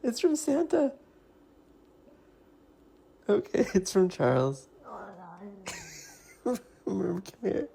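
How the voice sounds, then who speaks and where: A woman's voice: mid-range voice, big pitch swings, drawn-out words, creaky, long pauses, warm tone, a little hiss or hum. A woman talking to her cat at home in playful, teasing baby talk, giggling often. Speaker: pet owner.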